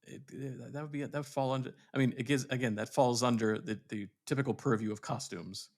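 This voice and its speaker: A man's voice: medium pitch, fairly even intonation, a little fast, darkish tone. A man co-hosting a casual podcast, a theatre director who talks in a reflective way and often restarts his sentences while looking for words. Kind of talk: casual chat.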